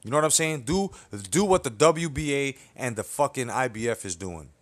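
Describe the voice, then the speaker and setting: A young man who runs a boxing commentary channel vents in a blunt, foul-mouthed opinion video, peppering it with "you know what I'm saying." His mid-range voice is expressive and fairly bright, moving at a normal speed.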